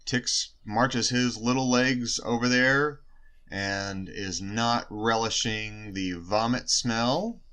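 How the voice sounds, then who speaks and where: A man taking his turn as a player in a tabletop game, unhurried with hesitant fillers. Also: mid-range voice, sharp tone, clear, resonant tone.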